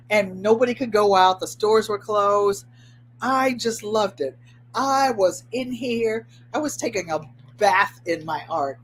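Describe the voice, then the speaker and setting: A woman chats through a home craft livestream, speaking straight to her viewers with encouraging, motivational asides. She tends to repeat a phrase twice for emphasis. Her voice sits at an ordinary middle pitch, with a faint hum behind her. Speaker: host of a craft channel. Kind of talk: casual livestream chat. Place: at home, indoors.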